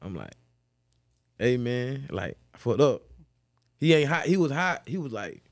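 A man's voice: a little slow, vocal fry, no room sound, studio quality. Profane storyteller man. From Florida. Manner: profane, animated storytelling, repeats "boom" as a beat. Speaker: guest, former football player. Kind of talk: casual storytelling interview.

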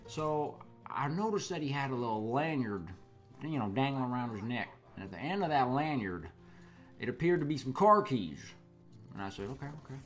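Deadpan man telling a comic story. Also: medium pitch, moderate pace, soft background music. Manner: mock-folksy, rambling, with frequent restarts. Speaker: comedic storyteller.

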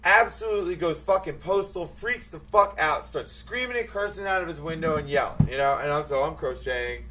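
A man's voice: fairly high pitch, fairly quick, few pauses, background noise. A man telling a rambling, profane story in a casual chat among friends. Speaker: podcast co-host.

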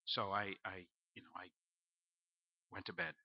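A man preaching a storytelling sermon in church, acting out his own panic and dropping to a low hush for the voice of God. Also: flat delivery, a little slow. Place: church sanctuary. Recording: dull lo-fi live stream.

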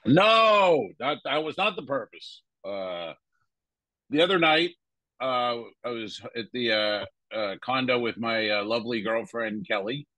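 A man co-hosting a comedy podcast, telling an anecdote in an animated, halting way with many pauses. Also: mid-range voice, no echo. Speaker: podcast co-host. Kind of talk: casual comedic storytelling.

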